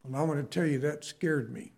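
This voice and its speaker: A man's voice: a little high, a little fast, gravelly, darkish tone. A middle-aged man preaching a sermon, telling his own story in a conversational way and asking the listeners questions.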